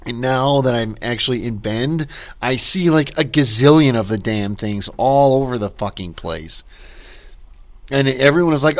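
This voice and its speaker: A man's voice: mid-range voice, expressive, normal speed. A man hosting a casual solo podcast rant, rambling with lots of fillers, restarts and swearing, wired on caffeine. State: caffeinated, talking fast. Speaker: podcast host.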